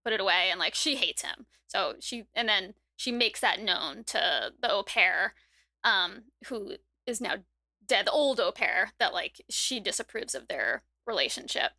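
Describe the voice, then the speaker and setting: A woman's voice: medium pitch, lively intonation, a little slow, creaky, sharp tone, no echo. A woman co-hosting a podcast, casually summarizing plot points and agreeing readily with her co-hosts. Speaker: podcast co-host. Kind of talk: casual chat reviewing a TV show.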